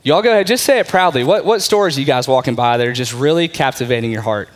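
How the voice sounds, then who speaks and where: A man's voice: mid-range voice, expressive, quick pace. A man giving a conversational sermon as a pastor, often checking in with his listeners. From Texas.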